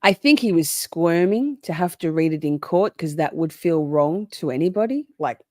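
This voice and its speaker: Low-voiced sarcastic woman streamer. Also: lively intonation, normal speed, darkish tone, no room sound, clean studio sound. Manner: profane, sarcastic, laughing asides. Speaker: commentary streamer. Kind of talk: casual reaction commentary.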